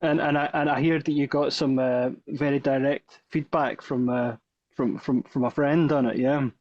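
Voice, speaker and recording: A male interviewer asking questions in a casual, halting way, often stumbling and repeating words. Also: medium pitch, steady tone. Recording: slightly dull lo-fi audio.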